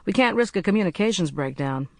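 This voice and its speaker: A narrator voicing a cheerful, brisk young male agent in an audiobook. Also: medium pitch, expressive, no echo, studio quality, pitched above the performer's own voice, natural voice. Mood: breezy. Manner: brisk, blithe, chatty. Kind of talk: audiobook character voice.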